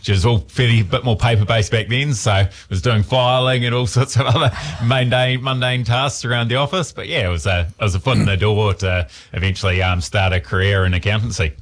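Deep kiwi guy being interviewed on radio, laid back, says yeah so a lot. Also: fairly quick, few pauses. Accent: New Zealand. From New Zealand. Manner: relaxed, lots of "yeah, so". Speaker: accountant guest. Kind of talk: interview answers.

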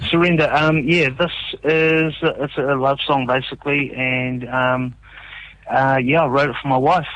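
A man's voice: mid-range voice, steady tone, measured pace, fairly bright tone, no echo, dull audio. A man with a New Zealand accent, a musician guest on a radio show, telling stories openly and earnestly with lots of fillers. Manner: open, earnest storytelling with many fillers. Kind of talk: casual radio interview.

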